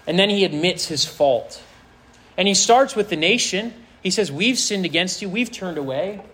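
A man's voice: high-pitched, animated, normal speed, a bit bright, poor audio. Earnest man preaching to teens. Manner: earnest preaching, reading scripture aloud with emphasis. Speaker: pastor. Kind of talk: sermon.

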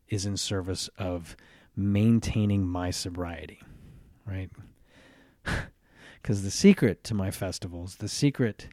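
A podcast host delivers a reflective solo monologue, talking earnestly, often restarting phrases and tossing in "right?" asides. His voice sits low with a warm tone. The clean studio sound has no echo.

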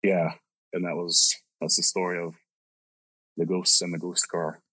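A man's voice: deep voice, level tone, measured pace, sharp tone, breathy edge, dry recording, low-quality recording. A male podcast host telling a story casually, rambling and swearing with lots of filler words.

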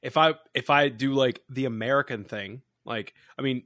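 A man from Canada co-hosting a gaming podcast in casual chat, animated, swearing freely and laughing often. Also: medium pitch, moderate pace, no echo, studio quality. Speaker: podcast co-host.

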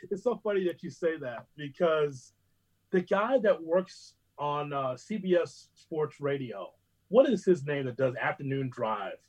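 A man with a husky, slightly raised voice chats casually as a sports radio host. He tells lively stories and breaks into loud impressions of other broadcasters. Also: a little high, unhurried, rough recording. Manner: animated storytelling, mimics other hosts loudly. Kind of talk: casual conversation between radio hosts.

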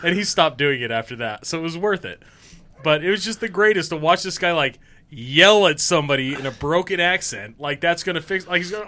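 Animated high-voiced man telling stories. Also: a little fast. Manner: profane, animated storyteller. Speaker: podcast co-host. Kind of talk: casual storytelling.

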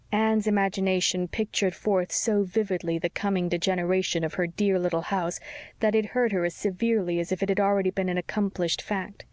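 A woman narrates a classic novel in a measured, gentle voice. Her pitch sits in the middle range. The recording is dry and close. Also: fairly even intonation, no echo. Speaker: audiobook narrator. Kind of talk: scripted narration.

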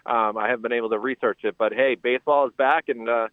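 A man calling in by phone to a talk show, upbeat and halting, with plenty of fillers as he promotes his sports show. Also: mid-range voice, fairly even intonation, no echo. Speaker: caller, sports show host. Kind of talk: phone-in chat. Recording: tinny phone line.

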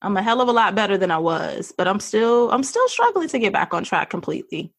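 A woman's voice: mid-range voice, very animated, brisk, no room sound. A woman guest candidly telling a personal story, chatty, laughing often and acting out what people said. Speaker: podcast guest.

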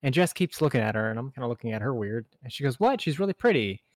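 A man's voice: medium pitch, very fast, no echo. Young guy telling a funny story on a podcast, laughs a lot, dry sound. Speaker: podcast co-host. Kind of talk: casual storytelling.

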